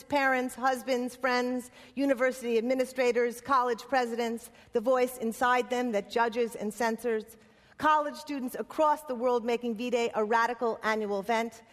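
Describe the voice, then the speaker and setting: A woman playwright and activist giving a conference speech in impassioned, rhythmic lists. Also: on the high side. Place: conference hall. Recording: long hall reverb.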